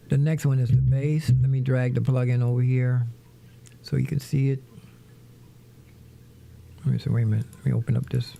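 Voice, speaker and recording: Relaxed mellow-voiced man chatting on a livestream. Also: mid-range voice, gravelly. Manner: rambling, talks to viewers as "y'all". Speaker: livestream host, musician. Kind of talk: casual livestream chat while setting up music software. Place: home studio.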